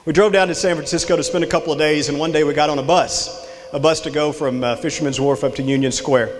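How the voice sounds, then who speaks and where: Speaking quickly in a fairly high voice with fairly even intonation, a middle-aged man with a Texan accent works a live crowd in a big hall. He's an extension director delivering a folksy motivational leadership talk, spinning a story and tossing questions to the audience. Long reverb from the hall fills the recording.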